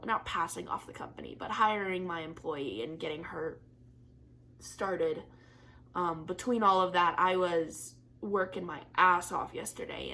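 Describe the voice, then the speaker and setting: A woman's voice: on the low side, gravelly, pushed and bright, a little hiss or hum. A young woman chatting candidly to camera in a craft vlog, swearing casually and laughing often, teary and disappointed. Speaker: craft vlogger.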